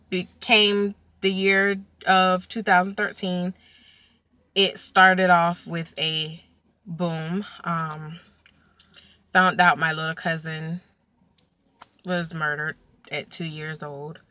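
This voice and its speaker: A young woman casually telling a personal story to camera, chatty and animated, full of fillers. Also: on the low side, extremely slow, pauses often, no echo.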